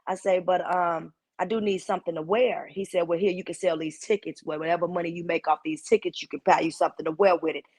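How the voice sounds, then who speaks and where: A woman comedian from Chicago with a heavy, punchy voice, telling stories in a casual chat and acting out the people she quotes. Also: lowish voice. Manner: animated storyteller who acts out quoted voices. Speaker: guest comedian.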